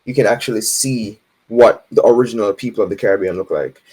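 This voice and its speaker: A Jamaican man, a guest in a casual interview, explaining things in a relaxed way with frequent laughs and "right?" tag questions. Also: on the low side, quick pace, slightly rough.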